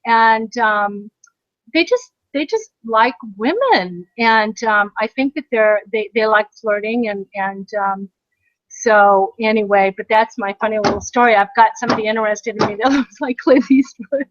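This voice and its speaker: High-voiced chatty American woman. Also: normal speed, dry recording. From United States. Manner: chatty storyteller, laughs often. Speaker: podcast co-host. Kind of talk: casual chat. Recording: dry, dull lo-fi sound.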